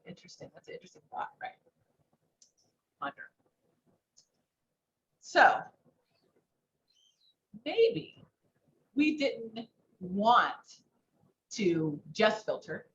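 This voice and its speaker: Woman teaching code, lively voice. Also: mid-range voice. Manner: thinks aloud, asks rhetorical questions. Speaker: workshop instructor. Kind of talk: live coding lesson. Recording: dull muffled sound, faint background noise.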